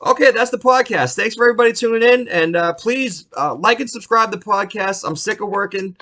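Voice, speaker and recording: A young man hosting a solo podcast, ranting about sports in a profane, rambling, excitable way. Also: high-pitched, a little fast. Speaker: podcast host.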